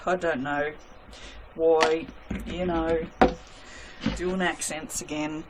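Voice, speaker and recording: A woman's voice: low voice, fairly even intonation, takes it slowly, heavy background noise. A woman chatting casually to her viewers while making soap, self-mocking and talking to herself as she works. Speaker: soap maker.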